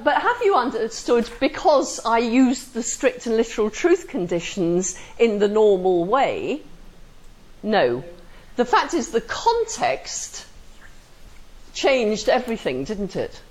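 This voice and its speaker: A woman's voice: a little high, low-quality recording. A woman lecturing a class, constantly checking that students follow and acting out example sentences with dry humor. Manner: questioning, asks the class for agreement.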